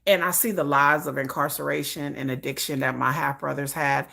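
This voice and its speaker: A woman talking casually on a live stream and telling personal family stories in an animated way. She laughs often and repeats or restarts phrases as she talks. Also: sits low, a little fast, creaky.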